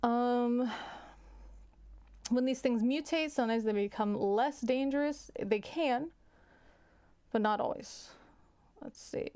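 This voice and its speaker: A woman's voice: fairly high pitch, slow, long pauses, a little mellow, clear, resonant tone. A woman hosting a casual livestream, chatting frankly with viewers and often restarting her sentences. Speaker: livestream host.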